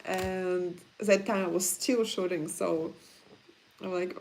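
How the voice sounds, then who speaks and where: A woman's voice: lowish voice, steady tone, slow pace, darkish tone, slight background noise. A woman with a Russian accent answering viewer questions in a casual livestream, blunt and frank in her chatty talk.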